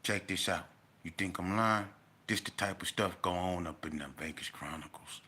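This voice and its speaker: A man's voice: low-pitched, moderate pace, sharp tone, slight background noise. Blunt man telling stories in street slang. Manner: blunt, street slang, addresses the audience directly. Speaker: storyteller. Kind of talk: casual storytelling to camera.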